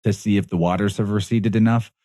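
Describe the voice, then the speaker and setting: A man's voice: on the low side, fairly even intonation, fast, warm tone, dry recording, clean studio sound. A man speaking as a guest on a podcast, explaining in a casual, rambling way, often correcting himself and laughing mid-sentence.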